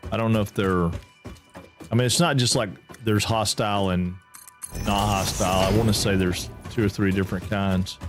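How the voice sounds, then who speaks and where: A man's voice: fairly low pitch, fairly even intonation, normal speed, music in the background. A man giving chatty, folksy commentary as he streams a game live and talks with his chat.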